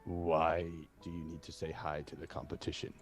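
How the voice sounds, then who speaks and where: Gruff giant goliath, played by a man, very low, quiet and blunt. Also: completely flat delivery, moderate pace, soft background music. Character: hulking male goliath warrior, gruff and curt.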